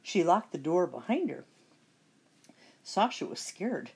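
A middle-aged woman reading a children's picture book aloud with expressive storytelling. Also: fairly low pitch, slow, husky. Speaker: storybook reader.

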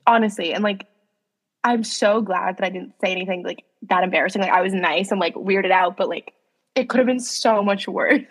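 A woman's voice: medium pitch, fairly quick, big-room sound. A young woman in her twenties co-hosting a casual chat, telling stories with lots of laughs and "like". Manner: chatty, giggly, lots of "like". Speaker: podcast co-host. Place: New York.

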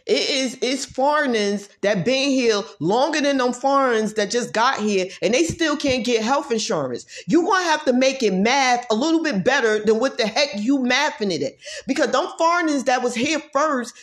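A woman vlogger in a heated, profane rant who drives her points home by repeating herself and swings between loud outbursts and low muttering. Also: animated, moderate pace. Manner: profane, emphatic, repeats phrases for force. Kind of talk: heated ranting monologue.

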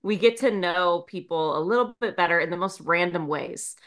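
A woman's voice: fairly low pitch, moderate pace, fairly bright tone. A woman co-hosting a podcast, bubbly and enthusiastic in casual chat. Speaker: podcast co-host.

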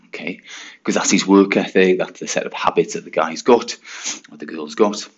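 Gravelly low-voiced man chatting solo. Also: animated, fairly quick, muffled recording. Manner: chatty, rhetorical, peppered with "right" and "okay". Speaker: teacher and education podcaster. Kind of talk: casual solo podcast monologue.

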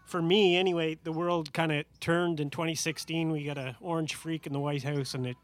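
Laid-back band leader chatting onstage. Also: male voice, on the high side, steady tone, fairly quick. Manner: laid-back, rambling, lots of fillers. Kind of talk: casual stage banter. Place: live outdoor stage show.

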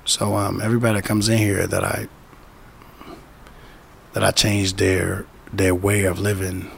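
A man with a low, gravelly voice talks emphatically in a relaxed conversation, hammering home his points by repeating them. He drops into the voices of the people he quotes. Faint noise sits behind him. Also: measured pace. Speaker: boxing trainer. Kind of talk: casual conversation.

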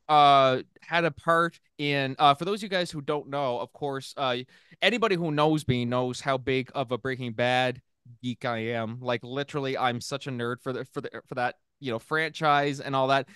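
A man's voice: mid-range voice, fairly bright tone, smooth, dry recording, studio quality. A man hosting a casual podcast interview, rambling with lots of fillers and restarts, laughing often. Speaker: podcast host.

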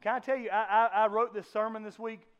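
Male pastor with a very high voice, preaching with passion and swinging dynamics. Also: level tone, fast talker, clear, resonant tone, dull audio. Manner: impassioned preaching, rising and falling, acts out voices in a casual way. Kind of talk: sermon.

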